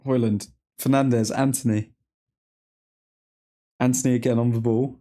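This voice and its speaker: Male watchalong host, casual reactive commentary, slow delivery. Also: mid-range voice, fairly even intonation, dark tone. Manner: reactive, chatty fan talk with slang. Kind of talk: live football reaction commentary.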